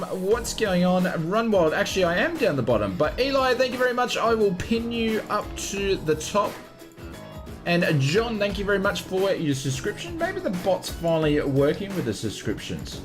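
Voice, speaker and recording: An Australian man live-streaming a flight simulator, chatting casually and greeting viewers by name. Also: high voice.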